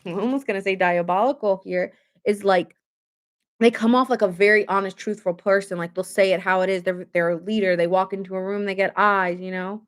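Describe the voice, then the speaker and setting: A woman's voice: medium pitch, steady tone, fairly quick. A young adult woman giving a casual tarot reading to camera, talking emphatically with lots of filler words and open indignation. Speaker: tarot reader.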